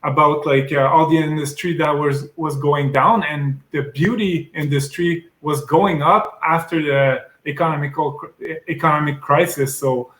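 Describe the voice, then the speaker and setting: A man with a French accent, a sales rep as guest, talking things through in a halting, easygoing way over a video call. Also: fairly high pitch, steady tone, a bit bright. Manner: thinks aloud, halting and easygoing. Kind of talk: casual interview chat. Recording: roomy echo.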